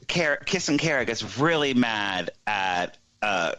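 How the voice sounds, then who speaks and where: A man co-hosting a podcast, retelling a movie plot in a casual, animated way. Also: fairly low pitch, measured pace, no echo, poor audio. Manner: animated storytelling with put-on voices for characters. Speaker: podcast co-host. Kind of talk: casual chat, plot recap.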